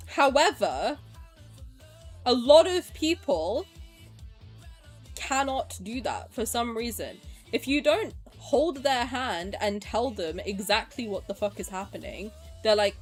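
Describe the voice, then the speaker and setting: A woman's voice: on the high side, sing-song, unhurried, faint music behind. A young English woman streaming live, chatting frankly and emotionally, ranting and swearing as she greets her viewers. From England. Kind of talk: casual livestream chat.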